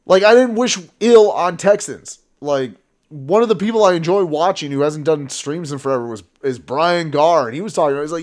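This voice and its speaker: A man's voice: a little high, a little fast. A man on a political reaction stream, ranting with heated, profane commentary.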